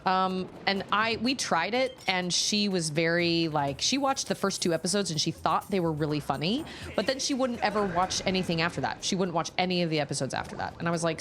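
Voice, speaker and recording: A woman in her thirties chats casually while streaming a game, wandering from one thought to the next. Her voice sits on the low side but swoops up and down constantly. Faint noise hums in the background. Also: lively intonation, brisk, fairly bright tone. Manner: rambling, digressive, chatty. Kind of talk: casual chat while gaming.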